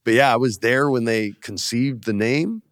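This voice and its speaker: A man in his forties, a guest on an interview show, talking casually and telling animated stories that act out the voices of the people in them. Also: mid-range voice, moderate pace, no echo, clean studio sound. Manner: animated storyteller, acts out quotes. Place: studio in Hollywood.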